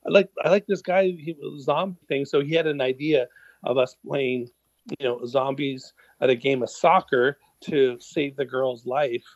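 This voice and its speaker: A middle-aged musician telling stories in a casual interview, rambling with lots of fillers and casual swearing. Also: male voice, medium pitch, fairly even intonation, moderate pace, dry recording. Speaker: musician guest. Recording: dull lo-fi sound.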